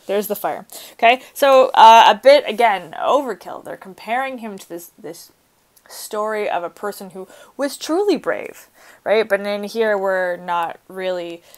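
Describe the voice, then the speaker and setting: Woman teacher, story read-aloud lesson, chatty asides, expressive reading, mid-pitched voice. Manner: casual, chatty asides with fillers and light laughs; reads quoted passages with rising expressive emphasis.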